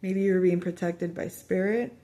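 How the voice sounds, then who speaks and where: A woman giving a casual spoken tarot reading to her viewers, chatty and animated, often quoting lines of dialogue and trailing off into fillers and restarts. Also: on the low side, moderate pace. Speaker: tarot reader.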